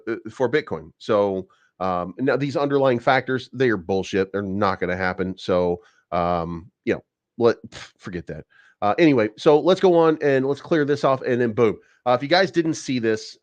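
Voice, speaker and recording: A man's voice: mid-range voice, no room sound. A man hosting a crypto channel, talking casually through price charts, rambling with lots of fillers, repeated words and casual swearing.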